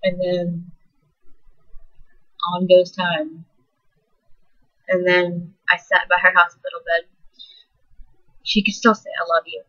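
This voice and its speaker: A teenage girl telling a personal story in a soft, halting, emotional way. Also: fairly low pitch, level tone. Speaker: vlogger. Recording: dull lo-fi recording.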